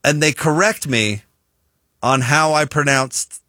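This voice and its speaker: A man with a Utah American accent, a sports radio host in casual on-air banter, chatty and animated when making a point. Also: a little high, takes it slowly, no echo, clean studio sound.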